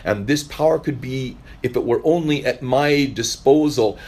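A man's voice: mid-range voice, normal speed, hardly any pauses, a little mellow. Man preaching a conversational sermon. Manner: conversational preaching, acts out quoted voices. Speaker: pastor.

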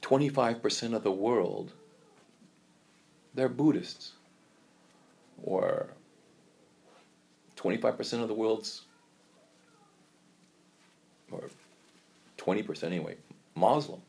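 A man with a fairly low voice preaches in a church. He tells a story and stumbles as he goes, repeating words and starting over. His delivery is unpolished and heartfelt. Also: slow, gravelly, pauses often, a little mellow. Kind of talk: sermon.

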